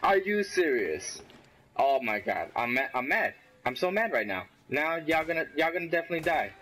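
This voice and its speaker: A man giving casual gameplay commentary, excitable and trash-talking, yelling at enemies and cheering himself on. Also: fairly high pitch, fairly quick. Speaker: gaming commentator.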